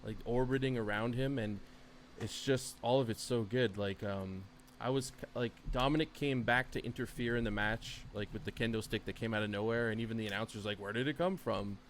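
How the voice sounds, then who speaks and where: A man co-hosting a podcast, talking in a loose, rambling way full of "like" and "um". His voice sits at an ordinary middle pitch. A faint hum of room noise runs under him. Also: steady tone, brisk. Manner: rambling and enthusiastic, lots of fillers. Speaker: podcast co-host. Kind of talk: casual chat.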